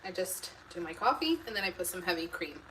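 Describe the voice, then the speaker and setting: A woman's voice: fairly low pitch, very animated, fast talker, recorded from a distance, low-quality recording. A woman hosting a live cooking stream from her home kitchen, rambling casually to viewers and reading their comments aloud. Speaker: homemaking channel host. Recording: loud background noise in a home kitchen.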